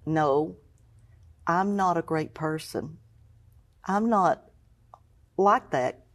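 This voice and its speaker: A middle-aged woman with a fairly low voice shares a personal story as an interview guest. She acts out what others said, drops to a hush in the heavy moments and rises sharply when she gets excited. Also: extremely slow. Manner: storytelling, acts out quoted voices, swings from hushed to exclaiming. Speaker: guest, cancer survivor. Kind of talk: emotional personal testimony.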